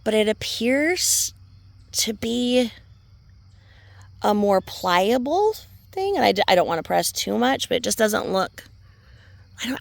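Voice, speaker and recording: A woman's voice: a little high, expressive, moderate pace, gravelly, long pauses, no echo. A woman vlogging outdoors by a remote river, chatty and rambling with many fillers and asides, filmed on a handheld phone. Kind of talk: casual rambling vlog narration.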